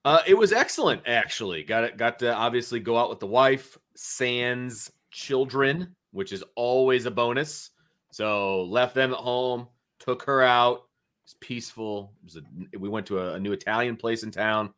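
A man in his thirties hosting a sports talk show with lots of energy. His voice is bright and crisp, and he chats and tells stories in an animated way. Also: medium pitch, normal speed. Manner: energetic, chatty, animated storyteller. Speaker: podcast host.

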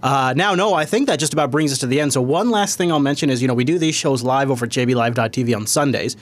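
A man hosting a tech podcast in casual chat, rambling and animated, laughing often. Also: mid-range voice, fast. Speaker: podcast host.

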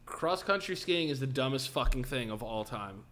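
A man's voice: mid-range voice, animated, moderate pace, a bit bright. A young man co-hosting a comedy podcast, riffing in casual banter, swearing freely and slipping into mocking voices. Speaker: podcast co-host.

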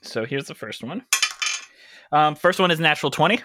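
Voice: mid-range voice, expressive, moderate pace, background noise. A player in a tabletop game, talking casually and laughing often.

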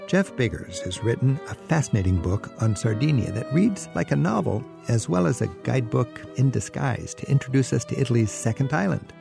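A man's voice: mid-range voice, animated, creaky, over music. A middle-aged man hosting a radio travel show, chatting enthusiastically with a guest and reading show links into a studio microphone. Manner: enthusiastic, conversational, quick laughs.

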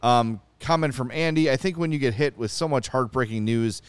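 Male talk-show host, smooth clear voice, exasperated animated rants. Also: mid-range voice, a little fast, no echo. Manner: animated, exasperated ranting with asides. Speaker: podcast host. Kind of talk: casual sports talk show chat.

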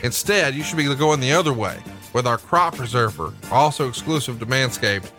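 Brash male podcast co-host, bright forceful voice, crude jokey ad read. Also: mid-range voice, fairly quick, soft background music.

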